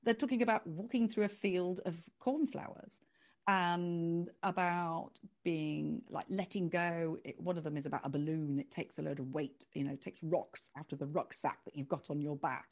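An author guest in a conversational interview, this woman has a voice on the low side and a moderate pace. She comes across as animated and expressive, with easy laughter.

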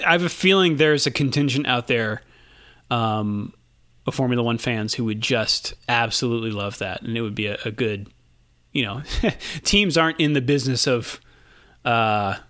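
A man hosting a casual podcast chat, relaxed, laughing easily and filling pauses with ums and uhs. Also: medium pitch, clear, resonant tone, no echo. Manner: relaxed, laughs often, many fillers. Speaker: podcast host.

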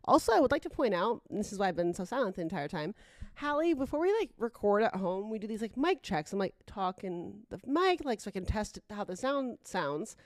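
A young woman co-hosting a podcast, telling funny stories in quick casual chat, swearing now and then. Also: medium pitch, big pitch swings, a little mellow, no echo, clean studio sound. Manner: chatty, quick storytelling, swears. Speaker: podcast co-host.

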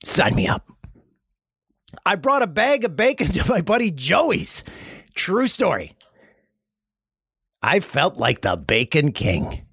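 A man's voice: sits high, takes it slowly, pauses often, slightly rough, no room sound, clean studio sound. A man hosting a podcast, from Canada, telling rambling jokey stories in a casual comedic monologue. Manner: rambling, jokey storytelling with lively swings. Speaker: podcast host.

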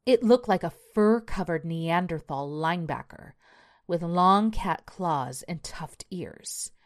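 Woman w/ a deep low voice reading a creepy horror story, slow and measured. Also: lively intonation. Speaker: narrator. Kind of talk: scripted horror narration.

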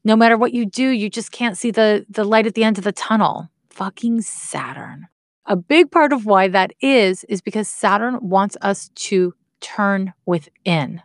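With a mid-range voice, a woman who teaches astrology talks through it frankly and informally, with occasional swearing and wry side comments. The recording is dry and of studio quality.

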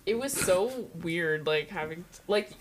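A woman's voice: fairly low pitch, animated, a little slow, background noise. A woman in a casual podcast chat, reflecting with trailing sentences and many fillers.

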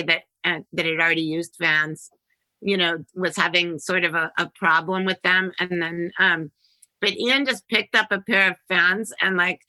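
A woman's voice: on the low side, sharp tone, dry recording, low-quality recording. A middle-aged woman hosting a casual interview, chatty and storytelling, laughing often and swearing freely. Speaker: podcast host.

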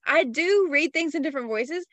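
A woman in her thirties co-hosting a casual podcast, animated, opinionated and quick to react. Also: high voice, no echo. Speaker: podcast co-host.

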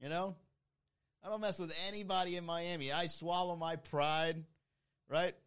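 A man's voice: fairly high pitch, fairly even intonation, moderate pace, a bit bright, clear, resonant tone. A man hosting a casual stream, reading chat comments aloud and riffing on them with a lot of laughter. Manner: laughs often, loose joking banter. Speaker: host reading live chat.

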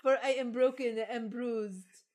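A woman voicing a talking cake in a dark read-aloud folk tale. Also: fairly high pitch, steady tone, unhurried, voice pushed up, close to an everyday voice. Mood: mournful. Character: broken blood cake, mournful.

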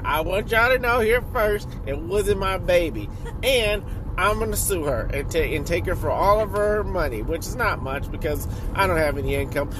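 A man's voice: sits high, noisy background. A young man hosting a podcast, rambling playfully with crude jokes while in a car. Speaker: podcast host. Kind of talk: casual joking monologue.

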